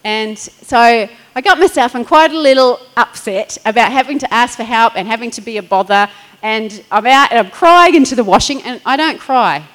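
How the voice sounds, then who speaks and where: A middle-aged woman preaching a sermon as a pastor. She tells stories in a chatty way, acting out little quotes and laughing along. Her voice sits fairly high. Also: normal speed, few pauses, fairly bright tone, low-quality recording.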